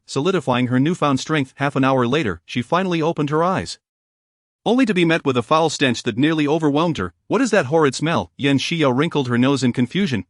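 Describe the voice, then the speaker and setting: A man narrating a story recap in a smooth, even reading without pauses or slips. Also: fairly high pitch, dry recording, clean studio sound.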